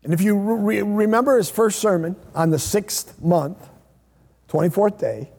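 A man preaching a sermon as pastor, repeating phrases and swinging between loud emphatic lines and hushed low ones. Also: unhurried, gravelly. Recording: long hall reverb.

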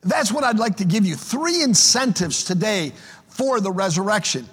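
A man with a high, husky voice delivers an emphatic sermon from the pulpit. He often stumbles back over the first word of a phrase as he presses his point. His voice rings out with the long reverb of a large church hall. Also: sing-song, moderate pace, a bit bright. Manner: emphatic preaching, repeats words at starts of phrases. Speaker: pastor.

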